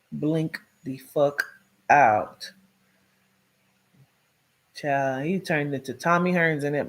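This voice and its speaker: A woman telling her own life story in a casual, animated way, cursing freely and acting out what people said. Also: low-pitched, slow, pauses often. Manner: profane, blunt and animated, acts out quoted speech; addresses listeners directly as "child" and "girl".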